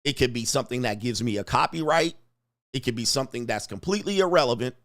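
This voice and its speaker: A man hosting a livestream, talking casually with sudden loud bursts and lots of swearing. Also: medium pitch, no echo, clean studio sound. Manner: rapid shifts between flat talk and sudden loud bursts, profane. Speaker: live stream host.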